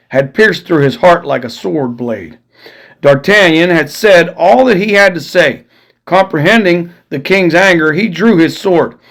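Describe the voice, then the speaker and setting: A man reads a classic novel aloud in a measured, formal way. His voice sits a little high for a man. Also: a bit bright. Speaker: storyteller. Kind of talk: audiobook narration of a classic novel.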